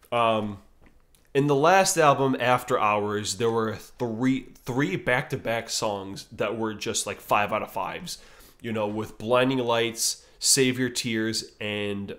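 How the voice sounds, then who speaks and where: A man reviews albums in a loose, unscripted ramble, dropping profanity and plenty of fillers as he goes. His pitch sits in an ordinary middle range. He talks at an unhurried, slow pace. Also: fairly bright tone. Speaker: music reviewer. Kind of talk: casual spoken album ranking.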